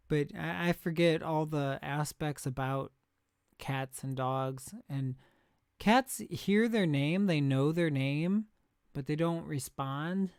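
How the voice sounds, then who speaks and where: Young guy rambling on his stream, slow and smooth, dry close mic. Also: fairly high pitch, darkish tone, dry recording. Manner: rambling, chatty, laughs at himself. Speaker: live streamer. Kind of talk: casual chat reacting to chat.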